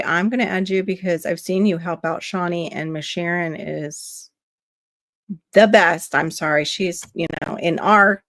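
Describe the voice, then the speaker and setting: A woman's voice: sits low, dry recording, clean studio sound. Chatty nasal woman hosting a livestream. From Florida. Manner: chatty, reads viewer comments and answers them aloud. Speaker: livestream host. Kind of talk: casual livestream chat with viewers.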